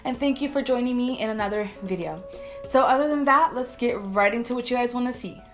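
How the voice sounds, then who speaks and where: A woman's voice: fairly high pitch, a little fast, soft background music. A young woman from California chatting through a casual makeup review vlog in her bedroom, rambling and repeating herself. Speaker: beauty vlogger.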